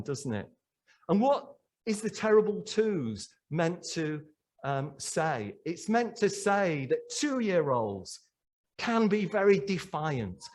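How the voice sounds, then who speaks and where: A man's voice: a little high, darkish tone. A man preaching a sermon in church, emphatic and full of rhetorical questions to the congregation.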